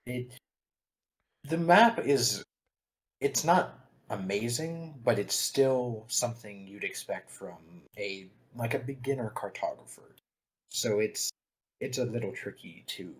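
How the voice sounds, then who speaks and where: A man's voice: on the low side, measured pace, low-quality recording. A man narrating as dungeon master in a tabletop game, talking loosely with many fillers and restarts.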